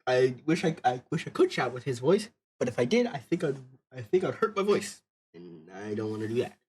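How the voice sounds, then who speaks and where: A man streaming a story game, reading its dialogue aloud and commenting in an animated, profane, exasperated way. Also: medium pitch, a little fast, slight background noise.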